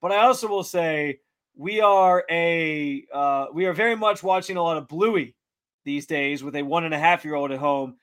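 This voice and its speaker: A man in his thirties co-hosting a sports talk show in a casual, joking way. He often stumbles and repeats words as he gets going. His voice sits high for a man. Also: normal speed, fairly bright tone. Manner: stammering, joking, restarts a lot. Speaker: sports radio co-host.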